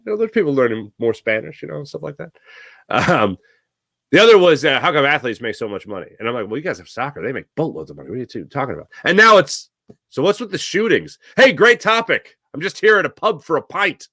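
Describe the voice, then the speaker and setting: An American man hosting a sports talk show, speaking in a conversational, animated way with frequent restarts. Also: fairly high pitch, quick pace, no echo, clean studio sound. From United States. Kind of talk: solo sports talk commentary.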